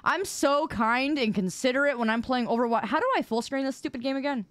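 A woman's voice: high-pitched, a little fast, fairly bright tone, no echo. A woman streamer chatting casually with her viewers while gaming, playful and mock-indignant as she answers chat. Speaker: live streamer.

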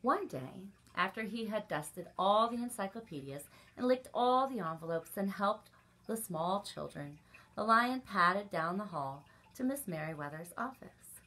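A woman librarian reading a picture book aloud at children's story time, expressive, with little asides to the kids. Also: mid-range voice, unhurried.

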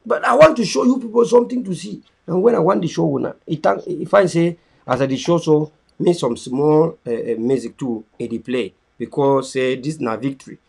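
Cameroonian pidgin-accented man, high gravelly voice, repeats himself like a preacher, loud then low. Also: a little fast. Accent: Cameroonian Pidgin English. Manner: repetitive and preachy, swinging between loud pleas and low murmurs. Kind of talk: impassioned live-stream address.

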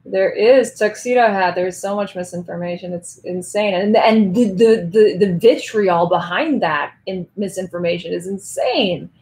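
A woman's voice: medium pitch, normal speed, few pauses, a little mellow. A woman hosting a casual home livestream, rambling and chatty, who speaks Russian as her first language. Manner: chatty and rambling, with many restarts. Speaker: livestream host signing autographs. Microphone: headphones.

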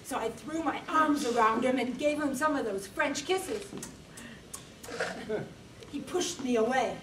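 A woman giving a humorous contest speech, telling her story slowly and theatrically and acting out phrases in French. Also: high-pitched, animated, fairly bright tone, recorded from a distance, slight background noise. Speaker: contest speaker. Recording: roomy hall recorded from afar.

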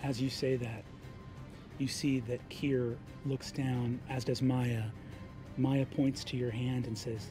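A man's voice: medium pitch, slow. Game master man narrating with music. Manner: animated narration that sinks to a hushed near-whisper.

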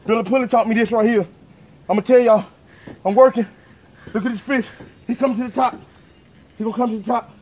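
A man landing a fish, talking in an excited, boastful casual way and repeating himself. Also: very high voice, a little fast, long pauses. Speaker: angler.

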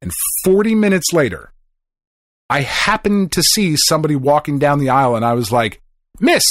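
A middle-aged man co-hosting a podcast, telling a story in a casual, animated way, swearing often and acting out the people he quotes. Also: a little high, a little fast, dry recording, studio quality. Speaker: podcast co-host.

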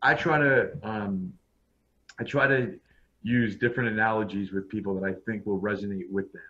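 A man's voice: fairly low pitch, fairly even intonation, moderate pace, bright, forceful tone. A man telling his personal story as a podcast guest, blunt and frank, often restarting his sentences. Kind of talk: personal storytelling in a casual interview. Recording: dull lo-fi sound.

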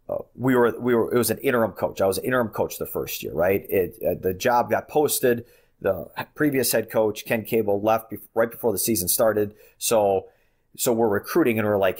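A man, a college basketball head coach, telling recruiting stories in an animated, restarting way on a podcast. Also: fairly low pitch. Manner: animated storytelling, many restarts. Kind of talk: podcast interview.

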